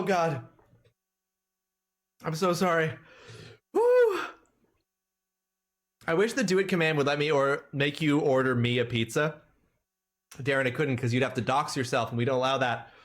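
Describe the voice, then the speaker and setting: A young man streaming a game live, reacting with excitable shrieks, swearing and silly asides as he plays. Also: fairly high pitch. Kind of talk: live gameplay commentary.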